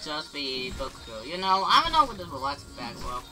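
A man's voice: fairly high pitch, sing-song, moderate pace, loud music behind the voice, poor audio. A man, from the Philippines, casually commenting on gameplay with many hesitant fillers. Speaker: gaming channel host.

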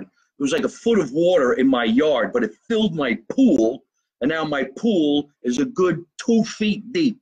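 Brash New Jersey comedian chatting live. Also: male voice, on the high side, sing-song, a little mellow, breathy edge, low-quality recording. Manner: brash, profane, fast-talking. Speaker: comedian hosting a live show. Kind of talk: live-stream chat, reading viewer comments. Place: home basement.

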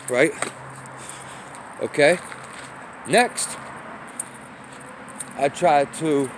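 A man's voice: mid-range voice, normal speed, pauses often, slight background noise. A man vlogging outdoors on a city street while walking, telling a long story in a rambling, profane way with apologetic asides, recorded on a phone. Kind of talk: casual rant while walking.

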